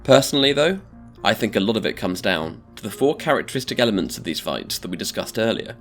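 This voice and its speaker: A man giving a scripted video-essay narration in a measured, deliberate way. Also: on the low side, sing-song, a bit bright, soft background music.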